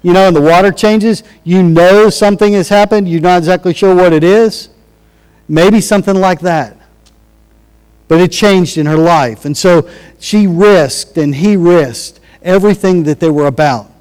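Male pastor, sermon, high-pitched, chatty delivery, long hall reverb. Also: normal speed, darkish tone, clear, resonant tone. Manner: conversational, restarts and acted-out quotes.

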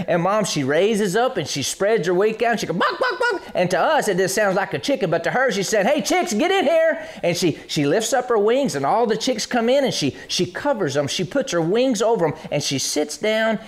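A preacher delivering a sermon with scripture readings, preaching in an emphatic, repeating cadence, acting out little scenes and chuckling between points. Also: medium pitch. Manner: animated, acts out little scenes and sounds.

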